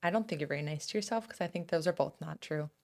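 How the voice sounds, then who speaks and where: A woman's voice: sits low, fast, creaky. Chatty, laughing middle-aged woman. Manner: chatty storyteller, laughs often, animated quoted voices. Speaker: podcast co-host. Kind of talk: casual chat.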